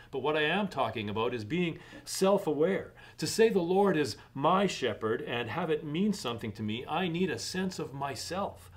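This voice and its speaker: A middle-aged man pastor preaching a sermon in a measured way, rising in emphasis on key points. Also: mid-range voice.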